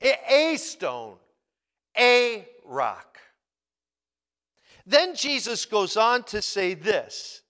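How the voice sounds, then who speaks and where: Man, pastor, sermon, bright and forceful tone, unhurried delivery, emphatic repetition. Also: high voice, big pitch swings, in a large hall. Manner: slow, emphatic, repeats key words.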